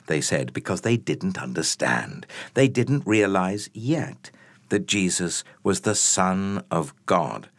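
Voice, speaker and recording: A man narrating a children's Bible story with dramatic swoops and whispers at the quiet moments. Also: low voice, lively intonation, measured pace, no room sound.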